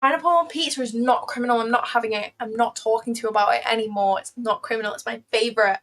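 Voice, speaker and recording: A woman's voice: on the high side, steady tone, fast talker, a bit bright, rough recording. A young woman chatting casually on a livestream, playful and rambling as she reacts to her chat. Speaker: trading livestreamer.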